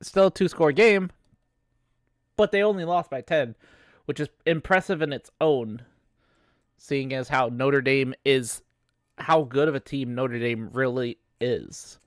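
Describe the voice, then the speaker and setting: A man with a lingering cough rambles through a casual sports chat with fillers and curses. His voice is smooth and resonant. It sounds dry and close to the mic. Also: mid-range voice, unhurried, long pauses, no echo. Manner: rambling, frequent fillers and swearing. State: has a cough. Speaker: podcast host.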